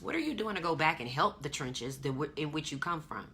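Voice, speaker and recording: A woman's voice: on the low side, moderate pace, few pauses, pushed and bright. A woman hosting her own podcast, preaching emphatically in slangy casual talk. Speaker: podcast host. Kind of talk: casual motivational monologue.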